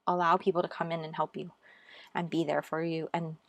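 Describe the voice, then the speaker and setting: A woman with a low voice reads tarot cards for her viewers in a casual, gushing way. She keeps encouraging them and talks to them as "you guys.". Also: flat delivery, brisk, vocal fry, no echo. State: out of breath. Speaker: tarot reader. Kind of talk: casual tarot reading to camera.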